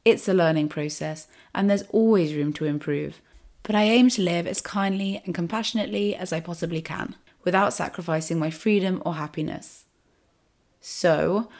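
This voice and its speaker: A woman hosting her podcast, croaky from a cold, reading an earnest, upbeat script. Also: fairly low pitch, a little mellow. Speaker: podcast host.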